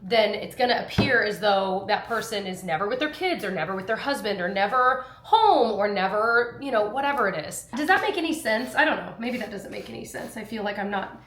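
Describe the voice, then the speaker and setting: A woman's voice: mid-range voice, animated, fairly quick, hardly any pauses, fairly bright tone, slight background noise. A woman in her thirties chatting casually to her viewers while doing chores, rambling and self-deprecating. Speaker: lifestyle vlogger.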